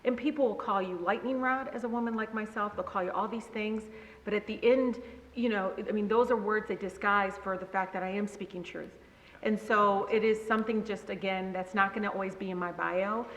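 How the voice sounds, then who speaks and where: A woman speaking as a guest, telling animated stories to a live audience, laughing as she goes and slipping into the voices of her family members. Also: medium pitch, fairly quick. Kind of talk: conversational storytelling to a live audience. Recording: echoey hall, faint background hum.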